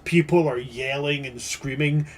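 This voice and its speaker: A man's voice: mid-range voice, a little slow, a little hiss or hum. A man narrating as game master in a casual, sweary way, often restarting his sentences.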